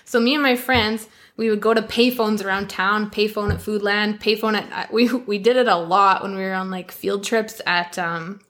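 A woman's voice: medium pitch, steady tone, moderate pace, few pauses, a bit bright. A young woman from Canada co-hosting a podcast, telling stories in casual, chatty talk full of swearing and laughter. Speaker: podcast co-host. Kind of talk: casual chat.

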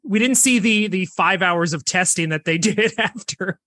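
A man's voice: high voice, normal speed, no room sound. A man co-hosting a casual podcast, animatedly recapping a film and acting out the characters' lines. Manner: animated storyteller acting out quotes. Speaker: podcast co-host.

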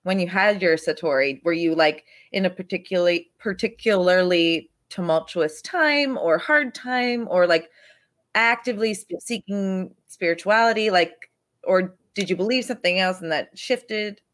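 A woman's voice: lowish voice, moderate pace, fairly bright tone. A woman hosting a podcast, asking curious questions in a casual chat. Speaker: podcast host. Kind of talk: casual conversation.

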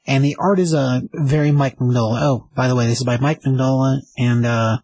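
Casual comic reviewer, man, husky, rambling, dry room. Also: mid-range voice, steady tone, fairly quick, a little mellow, no echo, rough recording. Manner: rambling, enthusiastic summary with fillers.

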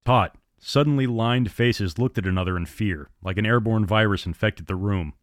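Low-voiced male audiobook narrator. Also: normal speed, no room sound, clean studio sound. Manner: steady, dramatic storytelling.

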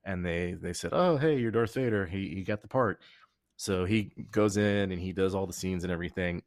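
A man's voice: sits low, flat delivery, moderate pace, no room sound, clean studio sound. A man hosting a podcast in casual chat, rambling and joking as he tells stories, often restarting his sentences. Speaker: podcast host.

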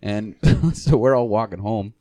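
A man's voice: on the low side, a little slow, warm tone, no room sound. A young man from Michigan hosting a casual podcast chat, rambling through a drinking story and laughing as he swears. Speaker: podcast host.

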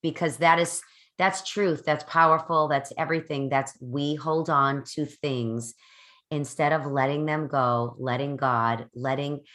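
A woman hosts a podcast in a relaxed, chatty way and responds with effusive praise. Her voice sits very low. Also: unhurried. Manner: warm, effusive, affirming. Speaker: podcast host. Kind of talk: casual chat.

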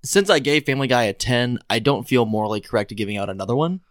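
A man's voice: mid-range voice, animated, fast, dry recording, clean studio sound. A man co-hosting a podcast, chatting casually and playfully, enthusiastic when retelling a favorite scene. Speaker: podcast co-host. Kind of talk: casual chat.

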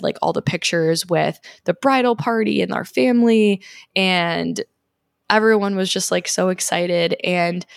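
A young woman in her twenties vlogging, telling a story in a chatty, excited way with lots of fillers. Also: on the low side, gravelly, no echo, studio quality. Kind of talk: casual storytelling.

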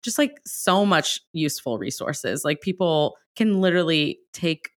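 Gushing woman podcast host, low voice. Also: lively intonation, a little slow. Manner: gushing, enthusiastic. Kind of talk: casual interview chat. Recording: music bed under voice.

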